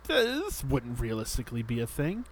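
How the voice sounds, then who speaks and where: A man's voice: medium pitch, wildly swooping pitch, moderate pace. A man co-hosting a casual podcast, explaining a game in a rambling way with many fillers. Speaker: podcast co-host. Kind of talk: casual chat.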